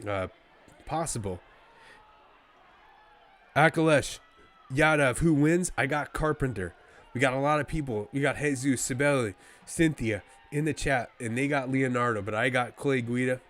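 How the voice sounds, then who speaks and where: Excitable man doing live fight commentary. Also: mid-range voice, normal speed. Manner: excitable, rambling, fan-like, chats with viewers. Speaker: live play-by-play streamer.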